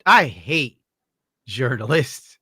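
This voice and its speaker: A man's voice: mid-range voice, sing-song, very slow, sharp tone, breathy edge, dry recording, clean studio sound. A man hosting a live stream, talking in casual, sardonic, profane banter. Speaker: streamer host.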